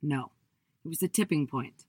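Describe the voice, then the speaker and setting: A woman in her thirties giving a talk, telling a personal story with lively acted-out quotes of her past self. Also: normal speed, breathy edge, dry recording. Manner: animated, acts out her own past voice in high bursts. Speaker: speaker.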